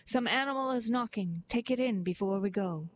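A woman's voice: on the high side, normal speed, a little hiss or hum, lightly acted. Old bearded patriarch lamenting, solemn and heavy, woman reading it.

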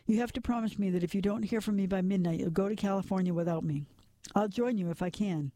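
A man's voice: sits high, fast, warm tone, dry recording, studio quality, close to an everyday voice. A man voicing an anxious guilty husband speaking urgently in a storybook reading. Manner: urgent, pleading. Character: anxious guilty man, fleeing killer, tense.

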